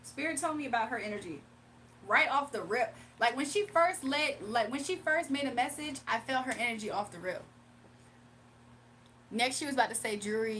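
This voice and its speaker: High-voiced woman chatting on a livestream. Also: slight background noise. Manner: animated, laughs often, talks back to chat. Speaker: livestream host and tarot reader. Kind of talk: casual livestream chat.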